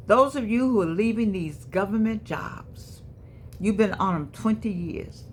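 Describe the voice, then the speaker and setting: Woman, middle-aged, casual to-camera talk, repeats herself, slow emphatic punches. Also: medium pitch, animated, slight background noise. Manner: preachy, repeats herself, wanders off mid-thought; sudden emphatic stretched-out words. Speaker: online motivational speaker.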